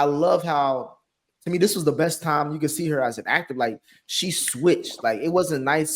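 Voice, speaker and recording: A man with a slightly higher voice co-hosting a podcast. He talks expressively, cussing freely and acting out scenes he describes. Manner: expressive, acts out lines, profane. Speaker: podcast co-host. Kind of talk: casual recap chat.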